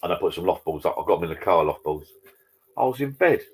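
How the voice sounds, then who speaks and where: A man's voice: low-pitched, animated, fast talker, husky. A man hosting a casual live chat from his garden bar. He rambles and greets viewers by name. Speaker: live stream host. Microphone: laptop.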